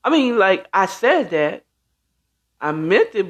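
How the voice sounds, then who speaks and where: A woman's voice: mid-range voice, big pitch swings, takes it slowly, pauses often, highs cut off. A woman hosting a casual talk show, speaking emphatically and acting out quoted reactions as she goes. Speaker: host.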